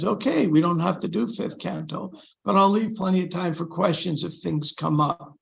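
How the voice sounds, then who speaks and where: A man leading a scripture class in a relaxed, chatty way, with dry sarcastic humor. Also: high-pitched, vocal fry, rough recording. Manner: joking, dryly sarcastic; relaxed, chatty with pauses and fillers. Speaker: class speaker.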